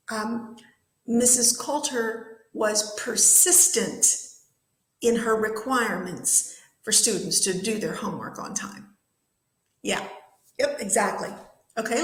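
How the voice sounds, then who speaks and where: A woman teacher with a fairly high voice leads a classroom vocabulary lesson. She says each new word slowly and with careful enunciation. The sound rings in an echoey classroom. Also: fairly bright tone.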